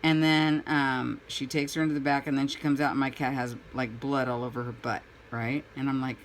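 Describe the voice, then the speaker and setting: A woman's voice: very deep voice, level tone, brisk, hardly any pauses, a little hiss or hum, rough recording. A woman chatting casually while painting at home, a rambling storyteller who acts out her own reactions. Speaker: crafting vlogger.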